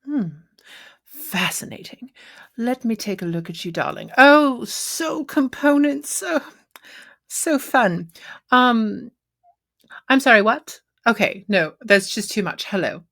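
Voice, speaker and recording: Woman GM voicing a camp, flustered male satyr for a tabletop game; slow, theatrical. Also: fairly high pitch, animated, a bit bright, exaggerated voice. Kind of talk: tabletop role-play.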